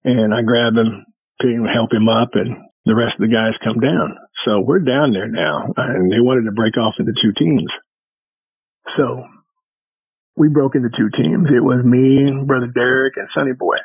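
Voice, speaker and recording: A man's voice: mid-range voice, steady tone, a little slow, slightly rough, no room sound, rough recording. A man who is a podcast guest, telling a story in casual chat and acting out the exchanges with vivid detail.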